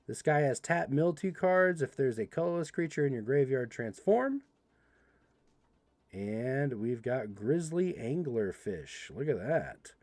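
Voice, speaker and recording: A young man hosting a livestream, casually reading card text aloud and joking with chat in an animated way. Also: fairly high pitch, no room sound, clean studio sound. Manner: animated, reads card text quickly, playful asides to chat. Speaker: livestream host opening card packs.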